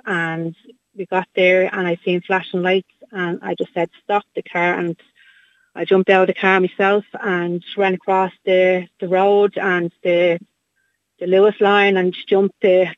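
Irish woman on the phone, halting, says um a lot, flat voice, muffled dry line. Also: on the low side, dry recording. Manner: halting, repeats herself, many fillers. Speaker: guest, bereaved mother. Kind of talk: phone interview, emotional recounting.

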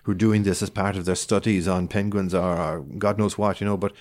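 Low-voiced man telling a travel story. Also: fairly quick. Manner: animated storyteller with many fillers and restarts. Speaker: guest. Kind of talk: casual chat.

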